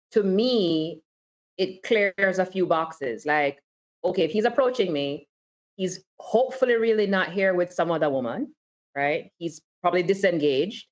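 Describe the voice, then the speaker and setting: A woman with a very low, deep voice talks candidly on a casual podcast panel, telling stories from her own life and laughing easily. The recording is a little dull and lo-fi. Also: expressive, a little slow. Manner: candid, storytelling, laughs often. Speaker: podcast co-host. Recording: slightly dull lo-fi sound.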